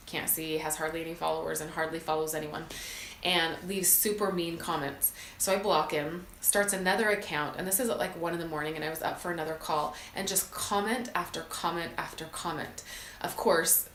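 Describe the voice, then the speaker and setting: A woman's voice: sits low, fairly even intonation, brisk, a bit bright, slight background noise. Earnest woman in a roomy space. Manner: earnest, emotional, many fillers. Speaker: podcast host. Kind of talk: heartfelt motivational talk.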